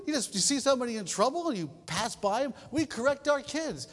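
A man preaching a sermon as a pastor, telling stories in an animated way and hammering home short repeated phrases. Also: very high-pitched, a little fast, long reverb tail.

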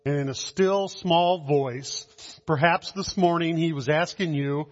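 A man preaching a communion sermon, slow and measured, with dramatic pauses and soft drops in his voice. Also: a little high. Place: church hall. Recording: dull sound in a long-echoing hall.

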